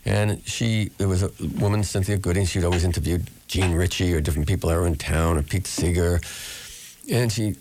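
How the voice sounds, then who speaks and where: Man, from New York, very low pitch, rambling storyteller, radio interview guest. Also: steady tone, fairly quick, darkish tone, slight background noise. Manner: rambling anecdotes, acts out quoted voices.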